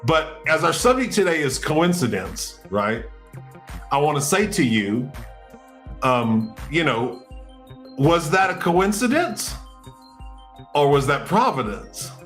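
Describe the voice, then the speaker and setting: A male podcast host telling a story casually, in an animated way, acting out what people said. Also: takes it slowly, pauses often, soft background music. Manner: animated, acts out quotes with big pitch jumps.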